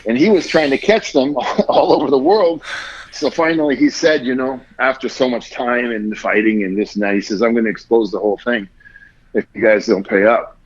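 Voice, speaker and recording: A man's voice: medium pitch, normal speed, dull audio. Swearing man telling a rambling story. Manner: rambling, heavy swearing, acts out quotes. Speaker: podcast guest. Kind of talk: casual storytelling.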